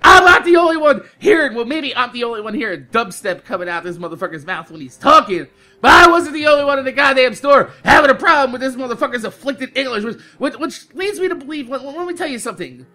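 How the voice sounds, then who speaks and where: A man with a bright, edgy voice tells a rambling story over gameplay, swearing freely and breaking into laughter as he goes. When he quotes himself he slows right down and spells out every word. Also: very high voice, expressive. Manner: profane, loud, laughing through his own story. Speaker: gaming video host.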